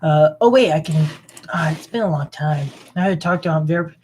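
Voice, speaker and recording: A man's voice: a little high, a little fast, darkish tone, breathy edge. A young man talking to himself as he clicks around his computer for a vlog. He mumbles, rambles and grumbles about what he finds. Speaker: vlogger. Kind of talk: rambling screen-recording commentary.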